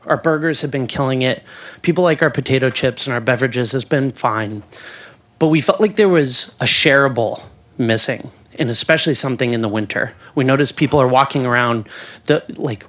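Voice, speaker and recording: A man's voice: medium pitch, fairly bright tone. A man who runs a food stand, presenting a new menu item to a city board in an upbeat, friendly way. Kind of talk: casual pitch to a meeting.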